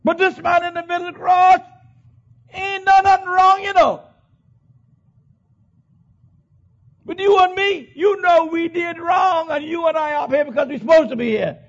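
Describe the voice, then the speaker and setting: A man voicing a condemned thief who shouts at another man from his cross, high and strained. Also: fairly even intonation, normal speed, dull audio. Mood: shouting rebuke.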